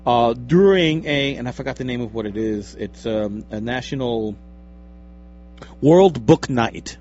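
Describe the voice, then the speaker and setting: A man's voice: medium pitch, expressive, darkish tone, a little hiss or hum. Rambling male radio co-host. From Long Island, New York. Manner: rambling, halting, joking. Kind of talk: casual radio chat. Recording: dull lo-fi radio recording with faint music.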